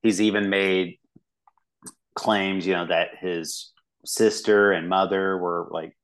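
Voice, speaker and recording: Low-voiced man rambling about a movie. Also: fairly even intonation, slow pace. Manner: rambling, many restarts and fillers. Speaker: podcast co-host. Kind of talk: casual movie review chat.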